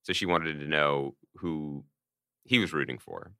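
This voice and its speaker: A man's voice: rumbling low, measured pace, clean tone, dry recording, clean studio sound. A man co-hosting a podcast, telling wry stories in a casual chat. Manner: wry, animated storytelling. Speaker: podcast co-host.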